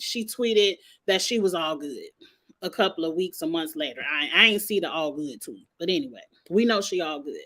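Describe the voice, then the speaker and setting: A young woman hosting a casual reality TV recap vlog, talking bluntly, swearing freely and animated. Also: on the high side.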